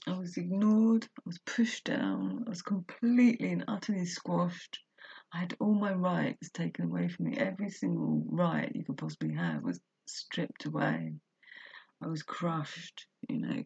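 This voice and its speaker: A woman's voice: lowish voice, sing-song, measured pace, creaky, a little mellow, slightly rough, no room sound. A woman vlogger reading a book aloud and breaking off into earnest, emotional, confessional commentary. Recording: dull lo-fi recording.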